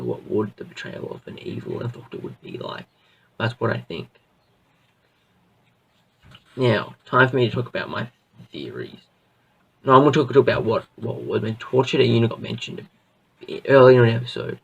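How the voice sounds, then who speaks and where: A man's voice: mid-range voice, vocal fry, breathy edge, far from the mic, rough recording. A man reviewing a show in a casual, rambling way, full of fillers and restarts. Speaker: video reviewer.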